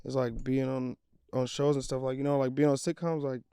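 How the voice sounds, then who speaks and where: A man guest in a casual chat, talking in a relaxed way with many "like" fillers. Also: medium pitch, fairly quick, vocal fry, smooth, no room sound, studio quality. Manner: relaxed, heavy use of "like" fillers.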